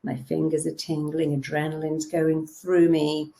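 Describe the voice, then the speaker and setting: A woman, a therapist giving a lively motivational talk and acting out quotes as she tells stories. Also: low-pitched, measured pace, vocal fry. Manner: lively storytelling with acted-out quotes. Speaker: therapist and self-help speaker.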